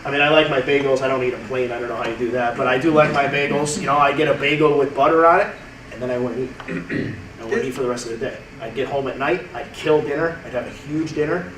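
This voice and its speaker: A man's voice: medium pitch, steady tone, fast talker. A man in his thirties talking casually to a group, repeating and restarting words as he goes. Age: 30s. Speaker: testimonial speaker. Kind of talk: casual testimonial talk to a group. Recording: roomy, from far off, faint noise.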